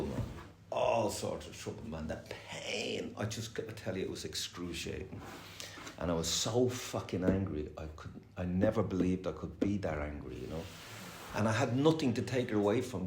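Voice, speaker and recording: A man's voice: deep voice, fairly quick, a little mellow. A middle-aged man giving a rambling, candid and heavily profane personal share at a recovery meeting. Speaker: speaker sharing at a recovery meeting. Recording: echoey room with faint noise.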